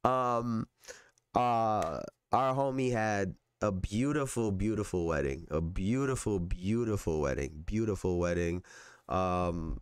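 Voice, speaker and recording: A man hosting a podcast in a loose, laughing chat, his voice hoarse and still recovering, repeating his own lines as he goes. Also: deep voice, takes it slowly, no room sound. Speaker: podcast host. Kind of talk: casual chat.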